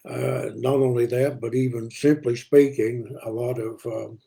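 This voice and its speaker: A man preaching a daily devotional in an unhurried way, with many pauses and fillers. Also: mid-range voice, steady tone, vocal fry, warm tone. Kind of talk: devotional Bible talk.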